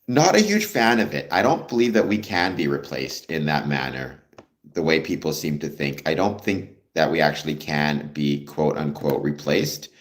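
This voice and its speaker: A Canadian man hosting a livestream, chatting casually with viewers in a friendly, rambling way with many ums. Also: a bass voice. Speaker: livestream host.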